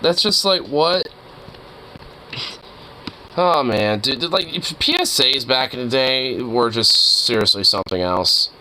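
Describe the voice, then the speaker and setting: A man's voice: mid-range voice, expressive, slow, long pauses, bright, forceful tone, slight background noise, rough recording. A young man casually reacting to a video while gaming, laughing and swearing in disbelief. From suburban Toronto, Canada. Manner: laughing, incredulous, profane. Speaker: streamer.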